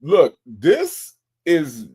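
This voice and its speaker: A man's voice: on the high side, drawn-out words, slightly rough. A man hosting a casual reaction show, commenting on a clip and reading viewer comments in an exasperated, profane way. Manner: animated, exasperated, profane, addresses viewers as y'all.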